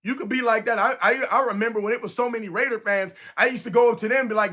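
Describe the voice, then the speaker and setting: Bay dude, high voice, emphatic casual rant, keeps repeating himself. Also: male voice, racing, hardly any pauses. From San Francisco. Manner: animated, emphatic, repeats phrases. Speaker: sports fan vlogger. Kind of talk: casual fan rant to camera.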